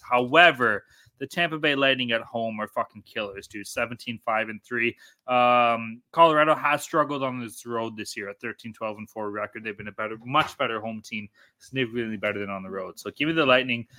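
A man hosting a betting podcast in a bright, forceful voice at an ordinary pitch. He runs briskly through the odds, swears casually, and needles his co-hosts. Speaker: podcast host.

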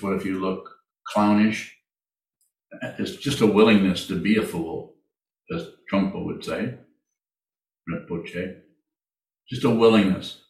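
Deep-voiced man teaching in an echoey hall. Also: vocal fry. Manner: slow, halting, repeats phrases. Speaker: meditation teacher. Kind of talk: Q&A in a dharma talk. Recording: echoey room from far off.

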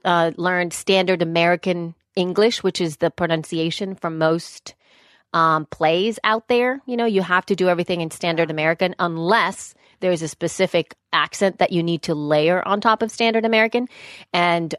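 A woman's voice: on the low side, moderate pace, no echo, clean studio sound. Chatty self-deprecating woman co-host. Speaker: podcast co-host. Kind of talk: casual chat.

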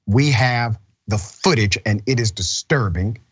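Indignant husky male news commentator. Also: fairly low pitch, measured pace, lo-fi sound. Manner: blunt, indignant. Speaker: host.

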